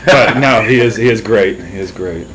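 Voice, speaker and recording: A man's voice: lowish voice, normal speed, a crowd in the background. A man from St. Louis co-hosting an interview, talking in a rambling, casual way with lots of fillers and the odd swear word. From St. Louis, Missouri. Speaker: co-host. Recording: noisy background hiss.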